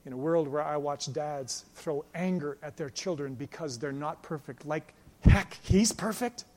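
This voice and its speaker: A male pastor preaching a sermon with passion, moving between loud emphatic lines and quiet storytelling. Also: a little high, steady tone, normal speed. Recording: long hall reverb.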